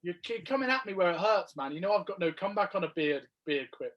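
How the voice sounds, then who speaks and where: A man's voice: high voice, animated, quick pace, fairly bright tone, dull audio. A man with a Black Country accent co-hosting a casual podcast, bantering and poking fun at himself. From England. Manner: self-mocking, laughing banter. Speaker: podcast co-host.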